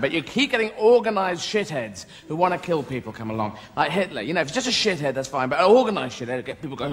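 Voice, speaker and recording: A man's voice: a little high, very fast, few pauses. A man performing a rambling stand-up comedy routine, acting out little voices as he goes. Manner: rambling, animated, acts out quoted voices. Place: large theatre stage. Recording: live hall with audience noise.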